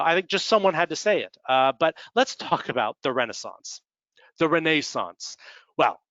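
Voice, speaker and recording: The recording is dry and dull, capturing a medium-pitched, slightly bright male voice. He's an American presenter with a Midwestern accent at an executive development webinar, chatting through a slide deck and tossing in dry jokes.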